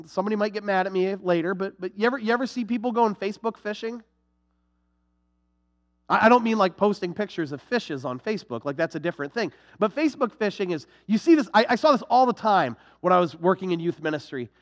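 A young adult man preaching a sermon to his congregation, animated and sarcastic, with quick restarts. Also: sits high, long reverb tail. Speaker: pastor.

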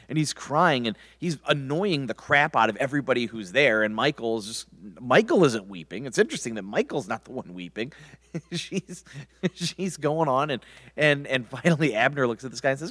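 A man's voice: medium pitch, very animated, fairly quick, fairly bright tone. A man teaching a Bible passage verse by verse in a rambling, conversational way with many restarts.

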